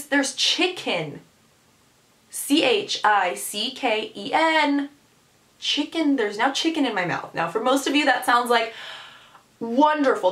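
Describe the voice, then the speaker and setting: A woman in her twenties telling a story on her vlog in an animated, sarcastic way. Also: high-pitched. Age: 20s. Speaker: vlogger. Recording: echoey room sound.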